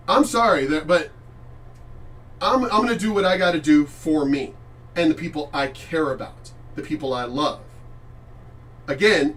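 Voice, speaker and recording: Blunt, profane man far from the mic. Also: a little high. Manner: blunt, profane, rambling with restarts. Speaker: channel host reacting to clips. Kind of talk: casual reaction commentary.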